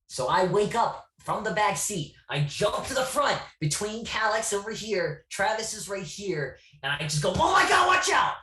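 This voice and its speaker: A man guesting on a podcast, telling road stories in a lively, self-deprecating way. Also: a little high. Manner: self-deprecating, animated storyteller. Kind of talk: casual storytelling chat. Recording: echoey room, distant from mic.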